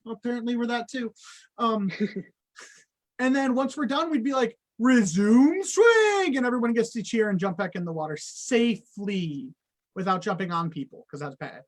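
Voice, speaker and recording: A man's voice: high voice, normal speed. A man on a guest spot, explaining water safety to kids in a friendly, plain way.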